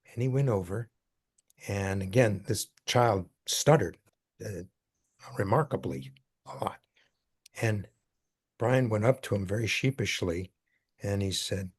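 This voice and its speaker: Older man, lowish voice, earnest, halting storyteller. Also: husky. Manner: earnest, halting with many fillers. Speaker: speaker taking questions. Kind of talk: casual storytelling talk.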